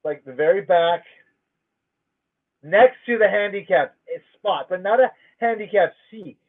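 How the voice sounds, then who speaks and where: A man's voice: high voice, animated, measured pace. Man, livestream host, profane, emphatic rant, casual storytelling, tinny phone-like sound.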